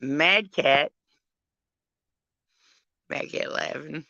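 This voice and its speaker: A woman's voice: sits low, drawn-out words, gravelly, bright, forceful tone, no room sound, highs cut off. A drunk woman hosting a casual live chat, rambling, affectionate and crude as she calls on her friends. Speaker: live stream host.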